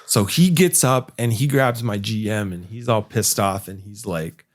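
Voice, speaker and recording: A man's voice: on the low side, normal speed. A man, a podcast host, telling a rowdy work story in casual, profane chat.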